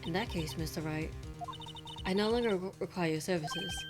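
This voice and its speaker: Woman reading as a quiet resigned defendant. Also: fairly low pitch, normal speed, music in the background, close to an everyday voice.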